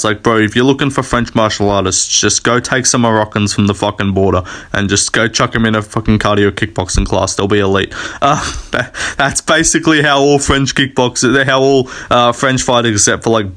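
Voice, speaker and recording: A man's voice: medium pitch, normal speed, fairly bright tone. A young man riffs through casual commentary in a mid-range voice, rambling and hyped-up, with plenty of swearing. He talks off the cuff, piling one thought on top of the next. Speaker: video host.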